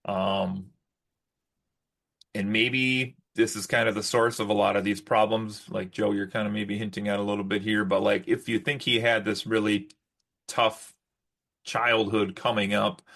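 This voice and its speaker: A man's voice: fairly low pitch, level tone, measured pace, creaky, a bit bright. A man co-hosting a podcast in casual chat, rambling and restarting often. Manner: rambling, with many fillers and restarts. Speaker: podcast host.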